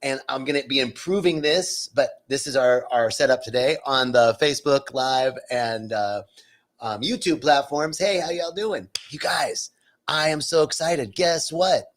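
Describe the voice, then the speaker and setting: An enthusiastic man talks casually to his live stream audience, greeting viewers warmly by name. His voice sits at an ordinary middle pitch. He streams from a retreat center. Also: unhurried.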